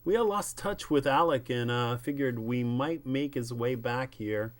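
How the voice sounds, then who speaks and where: A man's voice: medium pitch, measured pace, voice pushed up, lightly acted. A man voicing a flustered young husband in a comic book reading, speaking hesitantly. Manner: hesitant, fumbling.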